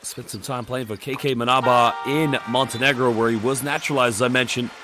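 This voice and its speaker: A man commentating a live basketball game in a brisk play-by-play manner. His voice sits in an everyday middle pitch. He calls each possession as it happens and reads viewer comments aloud in between. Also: fairly even intonation, music in the background.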